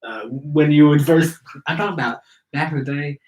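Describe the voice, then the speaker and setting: A man co-hosting a podcast in casual chat, rambling and quick to laugh. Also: a little high, a little mellow, highs cut off. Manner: laughs easily, rambling and chatty. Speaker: podcast co-host. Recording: echoey room with faint noise.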